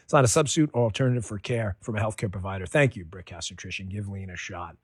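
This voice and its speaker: A man's voice: on the low side, quick pace, slightly rough, no echo, clean studio sound. A man reading a personal testimonial ad on the radio in a folksy, enthusiastic, conversational way.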